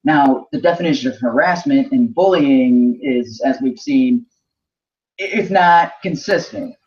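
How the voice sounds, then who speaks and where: A man co-hosting a casual discussion, reasoning aloud in a measured way with frequent restarts. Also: mid-range voice, darkish tone. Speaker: podcast co-host. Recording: dull lo-fi sound.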